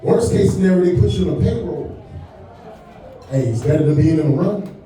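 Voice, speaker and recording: A stand-up comedian in his forties performs a set on a comedy club stage, his voice high yet mellow. His delivery is brisk but laid-back and chatty, peppered with "man" and "you know what I'm saying." The audio sounds echoey and distant, as if captured from far back in the club.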